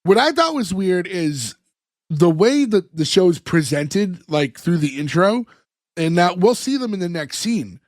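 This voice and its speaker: Rambling podcast co-host, slightly high. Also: male voice, very animated, a little slow, no echo, studio quality. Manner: rambling, laughs often, many fillers. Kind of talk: casual chat recapping a sitcom episode.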